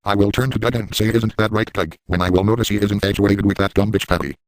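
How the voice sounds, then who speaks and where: A crude, manic grown man rattles off his boasts at a breakneck clip in a lowish voice, as a man acts him out. The delivery is gleeful yet deadpan. The sound is close and dry, with no room around it. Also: fast, no room sound, close to an everyday voice, low-quality recording. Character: crude, manic adult man boasting about outrageous deeds. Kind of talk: crude first-person parody narration.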